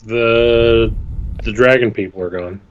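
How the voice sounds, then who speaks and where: A man on a casual video-call podcast, dropping quick, wry asides. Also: medium pitch, fairly even intonation. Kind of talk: casual chat. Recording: dull lo-fi call audio.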